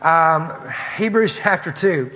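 A man's voice: on the high side, takes it slowly, sharp tone. A man preaching an expository sermon, reading scripture quotes in an earnest, emphatic way. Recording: long hall reverb.

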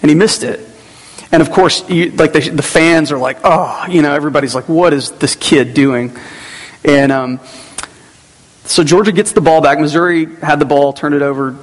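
A man's voice: on the high side, a little fast. A man preaching a conversational sermon as pastor, with personal asides. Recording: long hall reverb.

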